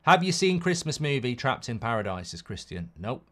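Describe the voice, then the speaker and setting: A man's voice: mid-range voice, sing-song, normal speed, a bit bright. Guy doing a live football stream, reads out chat, rambles a lot, voice goes all over the place. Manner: rambling and opinionated, many restarts. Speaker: football watchalong host. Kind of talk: casual live-stream chat reading viewer comments.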